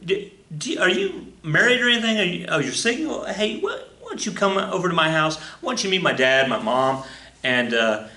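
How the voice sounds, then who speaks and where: A man's voice: medium pitch, animated, moderate pace, pushed and bright. A man voicing a friendly, chatty young rug seller of twenty-five in a told story. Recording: roomy echo.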